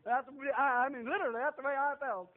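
An older man giving a folksy testimony sermon, animated and repetitive, chuckling as he tells it. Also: very high voice, fast, phone-quality sound. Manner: animated, repetitive, laughs while telling.

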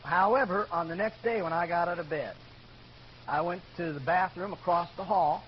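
A man with a very high voice tells his own story from the pulpit, animated and conversational. The recording is muffled and lo-fi, with a faint hiss underneath. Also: moderate pace. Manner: animated storyteller, bursts into loud shouts in quoted lines. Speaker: preacher giving testimony. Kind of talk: sermon testimony storytelling. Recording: dull lo-fi recording with faint noise.

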